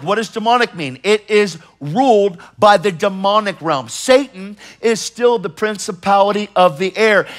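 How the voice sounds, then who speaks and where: A middle-aged man with a high voice preaches a sermon with emphatic urgency. He swings between loud pushes and hushed asides, and while storytelling he acts out the people in his stories in quoted voices.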